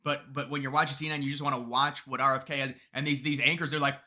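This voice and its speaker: A man giving casual, opinionated political commentary, often mocking, with quick asides and restarts. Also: mid-range voice, flat delivery, sharp tone.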